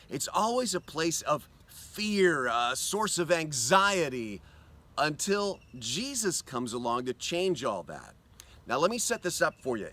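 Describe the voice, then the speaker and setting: Guy doing a daily devo outside by a lake, bright voice, bounces up and down a lot, earnest and inviting. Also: fairly high pitch. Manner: earnest, inviting, slows for quotes. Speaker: pastor. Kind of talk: devotional video talk. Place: outdoors on a lakeshore.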